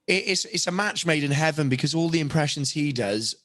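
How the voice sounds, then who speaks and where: Speaking briskly and with animation, this young Briton has a slightly high, somewhat bright voice and a British accent. He is a voice actor and impressionist chatting casually on a podcast, rambling, running himself down and restarting many times. The recording is clean studio sound without echo.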